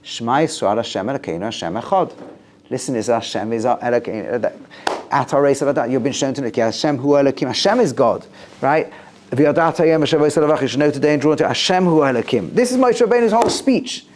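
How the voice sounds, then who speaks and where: A rabbi giving a lively Torah lecture to a class, with rising emphatic stresses and low, quiet recitation of Hebrew verses. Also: male voice, quick pace, slight background noise.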